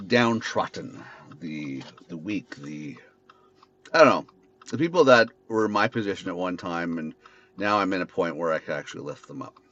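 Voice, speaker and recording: Low-voiced man venting bitterly in a car. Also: a bit bright. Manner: bitter, venting ranting with profanity. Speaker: podcast host. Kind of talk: unscripted monologue while driving. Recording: dull lo-fi sound with faint noise.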